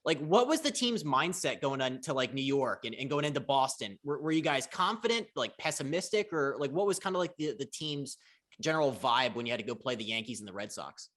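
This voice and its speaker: Fast, bright-voiced male podcast host. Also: medium pitch, animated. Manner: eager, curious questioning. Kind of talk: casual interview questions.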